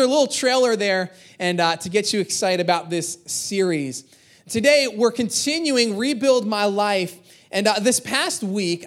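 High-voiced energetic male pastor. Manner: energetic, animated, acts out quotes. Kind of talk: sermon with personal storytelling.

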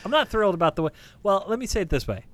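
Man in measured casual chat. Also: high-pitched, big pitch swings, fairly bright tone.

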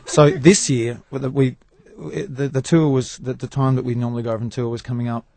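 A man in his thirties with an Australian accent, co-hosting a radio show, telling rambling self-mocking stories with halting restarts. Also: mid-range voice, flat delivery, a little mellow. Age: 30s. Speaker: co-host, musician. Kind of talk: casual comic radio banter.

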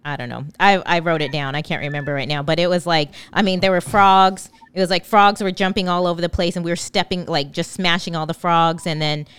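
Woman, low voice, very smooth, dry close sound, rambling casual talk. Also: fairly even intonation, fairly quick, few pauses, fairly bright tone. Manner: rambling dream retelling with many fillers. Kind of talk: casual conversation.

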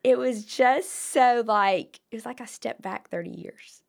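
Hoarse, gravelly woman. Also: on the high side, measured pace. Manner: animated storytelling with whispered asides. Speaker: podcast co-host. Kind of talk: casual chat.

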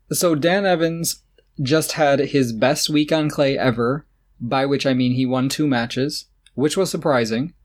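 A man's voice: mid-range voice, measured pace. A man co-hosting a podcast in casual chat, opinionated and sarcastic, often laughing as he talks. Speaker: podcast co-host. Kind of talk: casual chat about tennis.

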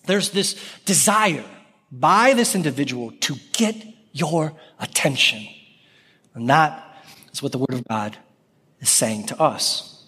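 A man in his thirties preaching a sermon as pastor, animated and calling out scripture with raised voice. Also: fairly high pitch, takes it slowly, pauses often, husky. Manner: animated, calls out scripture loudly. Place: church sanctuary. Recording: long reverb of a church hall.

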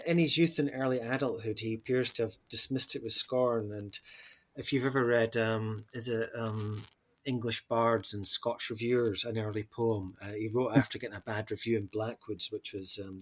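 Husky man rambling animatedly. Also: medium pitch. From Scotland. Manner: rambling, animated, with many fillers and restarts. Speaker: podcast co-host. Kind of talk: casual discussion.

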